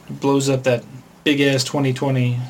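A man's voice: mid-range voice, a little hiss or hum. A man co-hosting a podcast in casual chat, rambling and retelling funny clips in jumpy voices. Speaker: podcast co-host.

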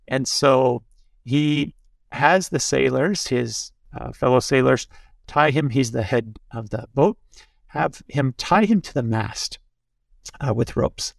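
A man's voice: mid-range voice, moderate pace, gravelly, dry recording, clean studio sound. A man, a Jesuit priest, giving reflective spiritual teaching in conversation and telling stories with little asides. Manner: storytelling, with asides like "huh?".

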